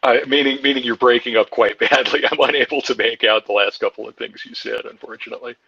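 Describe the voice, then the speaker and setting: A man's voice: mid-range voice, steady tone, fast talker, vocal fry, sharp tone, breathy edge, no echo. A man hosting an interview over an online voice call, friendly and prone to repeating words as he starts sentences. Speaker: host of the interview. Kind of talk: live audio chat interview. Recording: dull, dry lo-fi call audio.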